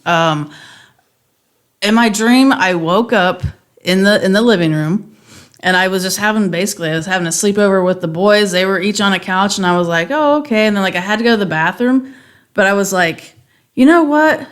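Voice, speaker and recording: A woman's voice: medium pitch, fairly quick. A woman and mother co-hosting a podcast, telling long stories in casual chat with plenty of fillers. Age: adult mother. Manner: chatty storyteller, lots of fillers. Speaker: podcast co-host.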